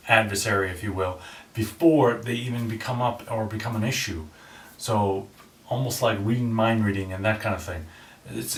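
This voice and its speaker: A man talks casually about a book, trying out different tones of voice and restarting sentences as he goes. His voice sits a little low. The recording sounds roomy and distant, with faint background noise. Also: a bit bright. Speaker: channel host. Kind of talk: casual book review talk.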